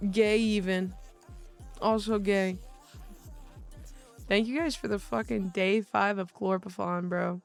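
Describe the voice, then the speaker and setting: A woman's voice: medium pitch, steady tone, takes it slowly, gravelly, pauses often, soft background music. A young woman streaming a game, chatting in a loose, slangy, profane way. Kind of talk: casual game streaming chat.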